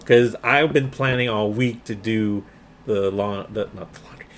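A man's voice: measured pace, slight background noise. A man in his forties co-hosting a casual home podcast, with a dry and playful manner. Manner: dry, playful, low-key. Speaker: podcast co-host. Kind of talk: casual chat.

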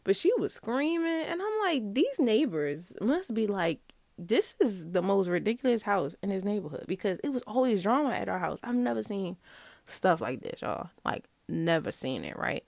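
Young woman, casual storyteller, lively and laughing, dry close sound, mid pitch. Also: normal speed, creaky, no echo. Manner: animated, laughs often, acts out quotes.

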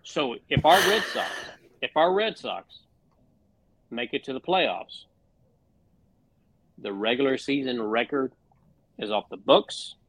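A man rants on a casual sports podcast, cursing freely and getting fired up. His voice sits at an ordinary pitch and is recorded on a dry, close mic with no room sound. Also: animated, slow, long pauses, a bit bright, slightly rough, no room sound. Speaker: podcast co-host.

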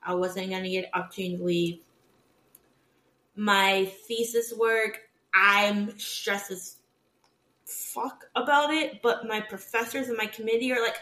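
In casual podcast chat recorded in an echoey room, a co-host in her twenties speaks with a mid-range voice at a slightly slow pace. She tells animated, candid stories, laughing frequently and voicing the people she quotes.

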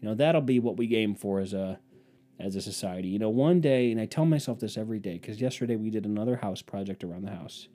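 A man's voice: on the low side, fast, dark tone. A man hosting his own podcast, delivering a profane, sarcastic, rambling comedic rant. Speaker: podcast host. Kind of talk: casual comedic monologue.

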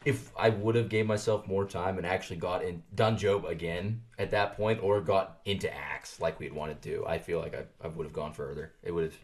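A man's voice: low-pitched, fairly even intonation, moderate pace, hardly any pauses. A young man co-hosting a faith podcast, talking in an earnest, reflective way and laughing easily. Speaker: podcast co-host. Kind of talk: casual chat.

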